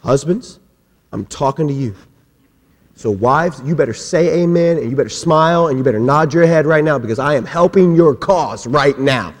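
A man preaching a sermon, swinging between loud, raised passages and hushed, quiet ones, acting out quoted voices with humorous asides. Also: fairly high pitch, moderate pace. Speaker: pastor. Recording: long hall reverb.

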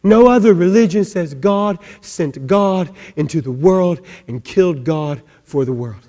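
High-voiced preacher, slow, in a reverberant hall. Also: male voice, lively intonation. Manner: swings from impassioned shouting to hushed intensity. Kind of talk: sermon. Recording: long reverb of a large hall.

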